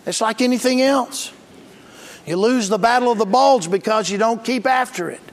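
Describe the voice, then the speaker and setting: A man's voice: very high-pitched, moderate pace. A man preaching a sermon as pastor, plain-spoken and emphatic, calling for responses from the congregation. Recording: long reverb of a large hall.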